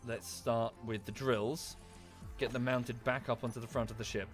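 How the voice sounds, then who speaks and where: A man with an Estuary English accent talks loosely over his gameplay, thanking viewers and musing as he works. His voice sits at a middling pitch, with faint game music beneath it. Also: steady tone, normal speed. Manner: chatty, thanks viewers by name, thinks aloud with restarts. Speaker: streamer. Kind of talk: casual gameplay commentary.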